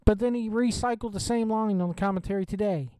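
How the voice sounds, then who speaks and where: A man's voice: sits high, quick pace, dark tone, slight background noise. A man with a Southern US accent hosting a wrestling watch-along, ranting bluntly and swearing freely. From Southern United States. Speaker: wrestling show host. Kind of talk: opinionated watch-along commentary.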